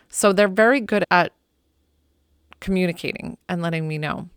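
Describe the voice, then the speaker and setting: A middle-aged woman hosting a podcast as a pet psychic, telling stories in a chatty, animated, heartfelt way full of "like"s. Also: mid-range voice, normal speed, clear, resonant tone, no room sound, clean studio sound. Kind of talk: casual heartfelt storytelling.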